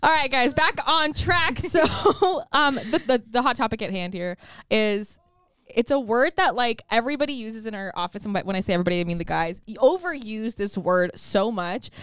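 A young woman co-hosting a casual podcast chat, telling stories in an animated, giggly way. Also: fairly high pitch, normal speed, clear, resonant tone, no echo, studio quality. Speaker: podcast co-host.

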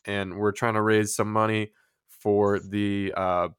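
A man from Missouri hosting a casual podcast, upbeat and chatty and quick to laugh. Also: lowish voice, little pitch movement, clean tone, dry recording, clean studio sound. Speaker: podcast host.

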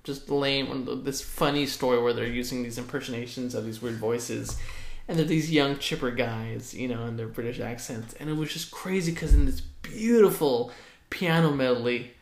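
A man's voice: medium pitch, moderate pace, vocal fry, roomy sound. A man in casual chat, talking enthusiastically with many fillers. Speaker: co-host discussing a film.

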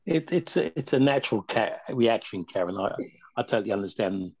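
A man, a family worker, explaining parenting advice in a measured way with hesitations. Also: fairly low pitch, expressive, darkish tone, breathy edge, dry recording. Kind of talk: casual panel chat, advice.

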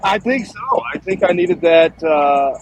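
A man's voice: high voice, lively intonation, unhurried, a little hiss or hum, low-quality recording. A man in his thirties, a former pro football lineman, telling stories in a casual, profane, rambling podcast chat. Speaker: former NFL offensive lineman guest.

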